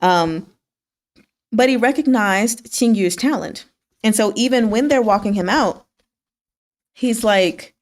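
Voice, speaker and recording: A woman hosting a casual book chat, recapping chapters in a chatty, wry way, laughing often and acting out quick lines from the story. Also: on the high side. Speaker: book discussion host.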